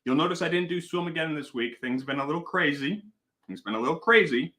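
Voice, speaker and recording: Bright, lively male live stream host. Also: fairly high pitch, quick pace. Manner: playful, rambling, mock-serious storytelling. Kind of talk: casual live stream chat.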